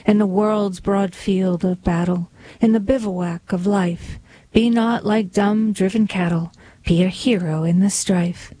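A woman reading poetry and a humorous storybook aloud in a slow, measured, deliberate way. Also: mid-range voice, fairly even intonation, mellow, a little hiss or hum, poor audio. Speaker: reader.

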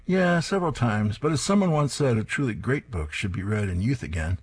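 A man's voice: mid-range voice, lively intonation, a little fast, husky. A man reading aloud and voicing a wry old grandfather from a comic strip with a folksy manner. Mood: musing. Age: older.

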